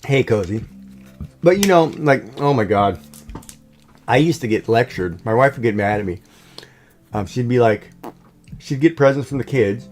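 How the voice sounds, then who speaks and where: This middle-aged livestream host, broadcasting from home, rambles through casual chat with lots of fillers and restarts. His mid-range voice is a little mellow, with lively intonation, normal speed, and long pauses, set against soft background music.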